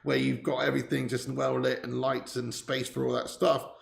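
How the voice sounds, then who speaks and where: A male host of a football watch-along livestream, working from a temporary setup on a trip in Spain, casually reads viewer messages and banters with chat, joking, laughing and swearing. His gravelly voice sits a bit high, with a flat delivery at a moderate pace. The audio has a roomy echo.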